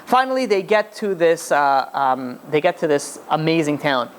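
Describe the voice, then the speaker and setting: A man, a rabbi, telling a story in a lecture with animated delivery and frequent restarts. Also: fairly high pitch, moderate pace.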